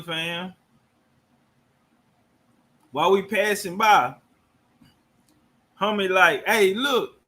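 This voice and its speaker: A man's voice: high voice, pushed and bright. A man giving loose, profane reaction commentary and telling stories.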